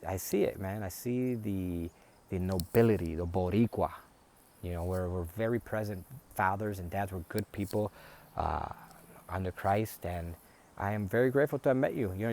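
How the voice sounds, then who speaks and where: Man, low rambling voice. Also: darkish tone, a little hiss or hum. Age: adult, a father. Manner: rambling, conversational, many fillers and restarts. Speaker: family storyteller. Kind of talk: personal tribute story.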